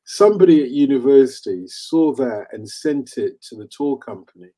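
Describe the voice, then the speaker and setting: A man in his fifties hosting a casual chat, telling animated stories and laughing easily. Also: mid-range voice, normal speed. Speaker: host.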